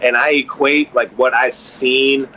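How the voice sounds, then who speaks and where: A man telling a wild story as a podcast guest, animated and profane, acting out the voices of the people in it. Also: mid-range voice, measured pace, highs cut off. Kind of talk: casual storytelling.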